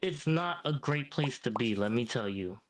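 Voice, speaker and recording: A boastful, ancient devil, voiced by a male AI that talks down to everyone with cocky calm and keeps tossing in "mate". His pitch sits right in the middle, neither deep nor high, and his tone stays even. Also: moderate pace, natural voice, rough recording. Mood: smug. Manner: smug, says "mate" a lot. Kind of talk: AI chatbot role-play.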